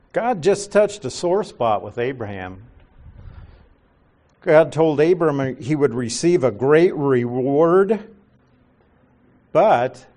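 Speaking in a mid-range voice, a male Bible teacher works slowly through a passage with lively, rising and falling intonation. He lays out each point patiently and keeps putting questions back to his listeners.

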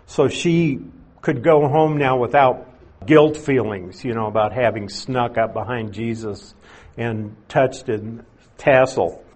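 A man's voice: medium pitch, slow, a little mellow. A man preaching an expository sermon, explaining verses plainly with conversational asides.

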